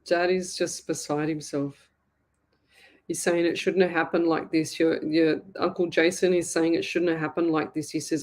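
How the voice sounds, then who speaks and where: An Australian woman hosting a live psychic reading, speaking in a sympathetic, halting way and repeating herself often. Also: deep voice, steady tone, a little mellow. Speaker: psychic medium host.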